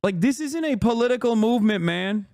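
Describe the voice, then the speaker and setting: A man on a livestream reacting to videos, his voice pitched high and recorded dry with no room sound. He talks in an animated, profane, mocking rant, jumping between jokes and outrage. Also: a little fast, dry recording. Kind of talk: casual livestream reaction commentary.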